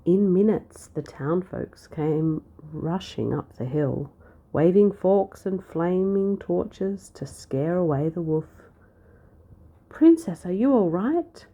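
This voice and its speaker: A woman reading a children's storybook aloud, with a lively, expressive delivery. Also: lowish voice, slow, dull audio. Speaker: storybook narrator.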